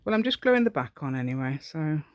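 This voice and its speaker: A woman's voice: low voice, very animated, a little fast, dry recording, clean studio sound. A woman hosting a step-by-step craft tutorial, chatting to herself and the viewer with rambling, giggly asides. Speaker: craft channel host.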